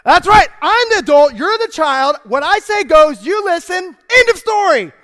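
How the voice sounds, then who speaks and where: A man voicing a stern mother scolding her young son, bossy and emphatic, in a raised, much higher voice. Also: animated, moderate pace, pushed and bright, heavily acted. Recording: echoey church hall.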